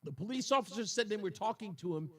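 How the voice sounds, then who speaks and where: Radio host guy, fired up and upset, pretty high voice, mic a bit far off. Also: animated, fast, slightly rough. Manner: indignant, emotional, repeats points for emphasis. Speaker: radio talk show host. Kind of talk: talk radio monologue.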